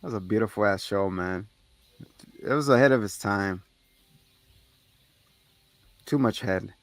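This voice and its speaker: A man's voice: lowish voice, measured pace, no echo. A man co-hosting a casual podcast, animatedly retelling a movie scene with profane acted-out quotes. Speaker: podcast co-host. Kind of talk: casual movie recap chat.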